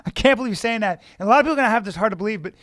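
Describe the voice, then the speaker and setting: A man's voice: high-pitched, expressive, very fast, fairly bright tone, dry recording, studio quality. A man co-hosting a comedy podcast, rambling through an absurd story with stammered repeats and mock earnestness. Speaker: podcast co-host. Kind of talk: improvised comedy chat.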